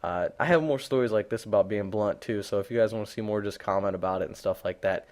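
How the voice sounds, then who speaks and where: This teen gaming commentator talks fast in a fairly low, darkish male voice. His unscripted play-by-play rambles bluntly and is packed with fillers and restarts.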